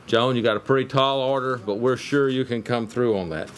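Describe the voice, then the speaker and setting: A middle-aged man serving as university chancellor who gives a measured, formal introduction at a press conference, with touches of light humor. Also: medium pitch, fairly even intonation, a crowd in the background.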